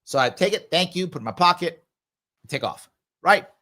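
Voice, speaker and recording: A man's voice: high voice, animated, normal speed, pushed and bright. A man hosting a live ask-me-anything show, answering viewer comments and telling a travel story in an emphatic, conversational way. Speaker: livestream show host.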